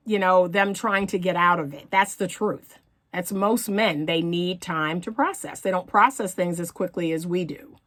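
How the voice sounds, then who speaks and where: A woman's voice: medium pitch, a bit bright. A middle-aged woman relationship coach giving earnest, emphatic advice to women, repeating her key phrases for emphasis. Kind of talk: direct-to-camera advice talk.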